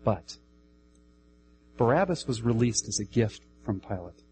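A man preaching a sermon emphatically, repeating key phrases and swinging between raised, high-pitched declarations and quiet, lower passages. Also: big pitch swings, a little slow, slight background noise, poor audio.

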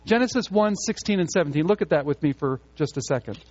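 A man's voice: on the high side, animated, quick pace, darkish tone. A man preaching a sermon with emphasis, repeating key phrases to drive them home. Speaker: pastor. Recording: muffled lo-fi sound.

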